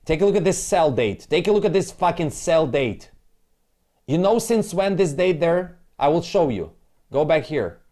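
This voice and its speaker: A man's voice: on the high side, big pitch swings, moderate pace, warm tone. A man on a live crypto trading stream who walks through price charts. He rants angrily with lots of swearing and repeats himself, in broken, non-native English. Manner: angry, profane, repetitive ranting.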